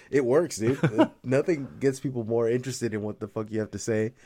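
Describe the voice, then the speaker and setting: A man's voice: mid-range voice, normal speed, dark tone, no room sound. A young man in casual conversation, rambling and swearing, with lots of fillers and frequent laughter. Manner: profane, rambling, laughs often, filler-heavy.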